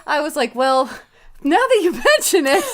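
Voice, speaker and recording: A woman's voice: high-pitched, very animated, moderate pace. Woman host, casual chat, rambling storyteller, laughs a lot, swears. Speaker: podcast host.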